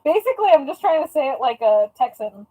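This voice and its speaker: A young woman with a high, light voice chats casually on a live stream as she packs orders at home. She is playful and talkative and keeps up an easy running commentary. She speaks like someone from the US West Coast. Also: sing-song, fast talker, warm tone, low-quality recording. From US Pacific time zone. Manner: chatty and playful, tries out joking Spanish phrases. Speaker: live-stream host and online shop seller.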